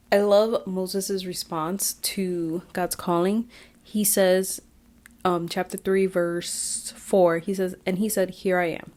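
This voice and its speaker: A woman's voice: mid-range voice, darkish tone. A woman giving a casual, reflective Bible recap, chatty with many fillers and restarts. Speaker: Bible study vlogger. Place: outdoors, windy.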